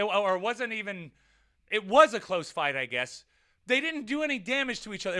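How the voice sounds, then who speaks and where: Man, casual storyteller, rambling and profane, high bright voice. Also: smooth. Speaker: vlog host.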